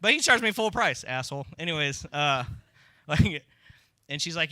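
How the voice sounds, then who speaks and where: A man's voice: a little high, normal speed, bright, forceful tone, dry recording. A middle-aged man doing a crude, rambling stand-up set on a comedy club stage, talking into a handheld mic.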